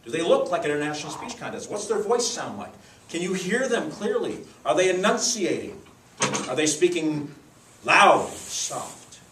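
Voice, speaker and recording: A man trains speech contest judges, with a lively, demonstrative delivery. His voice sits fairly high for a man. It echoes around the room and is picked up from a distance, over a faint room hum. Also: normal speed. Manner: lively, demonstrative teaching with acted examples. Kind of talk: workshop lesson. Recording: echoey room, mic far off.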